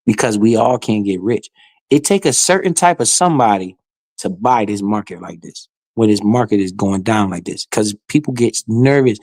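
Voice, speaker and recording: A man's voice: on the low side, animated, normal speed, darkish tone, no room sound. A man streaming live, giving casual, slangy commentary with swearing and often speaking straight to his chat.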